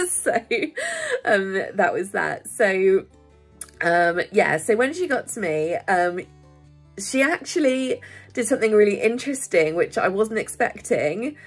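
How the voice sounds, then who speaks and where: A woman talks openly to her viewers in a chatty, rambling way, often laughing and quick to get emotional. Her voice is husky and a little breathy. Soft music plays faintly behind her. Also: medium pitch. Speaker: vlogger. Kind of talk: candid personal vlog.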